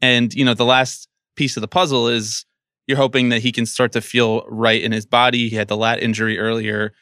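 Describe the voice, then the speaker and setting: A man's voice: medium pitch, flat delivery, fairly quick, sharp tone, dry recording, clean studio sound. A young man on a podcast in casual chat, jokey and teasing, speaking with emphasis. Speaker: podcast panelist.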